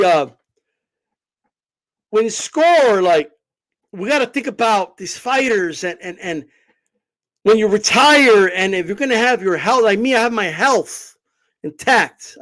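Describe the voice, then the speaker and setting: Man doing a smug, slow-talking boxing champ. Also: high voice, a bit bright, full character voice, poor audio. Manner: slow, halting, drawn-out with many ums. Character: slow, self-satisfied male boxing champ impression.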